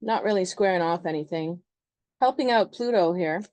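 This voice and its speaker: Low-voiced woman explaining astrology casually. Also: moderate pace, darkish tone, no echo. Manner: chatty, loose, filler-heavy.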